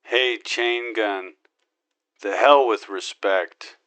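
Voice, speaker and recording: A man's voice: on the low side, very slow, fairly bright tone, dry recording. A man voicing a cocky, wisecracking gun-crazy marine. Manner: boastful wisecracking, makes gun sound effects. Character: cocky gun-loving male space marine hero. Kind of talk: in-character game monologue.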